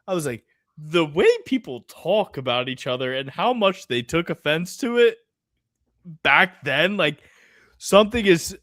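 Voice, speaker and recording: A man's voice: a little high, no echo, studio quality. Laughing, chatty man on a podcast. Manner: laughs mid-sentence, animated storytelling. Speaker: podcast co-host. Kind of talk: casual sports betting chat.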